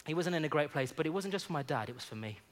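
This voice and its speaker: A man's voice: fairly high pitch, lively intonation, very fast. A man preaching in a church, telling personal stories in an earnest, conversational way, often saying "you know". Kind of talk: sermon with personal storytelling.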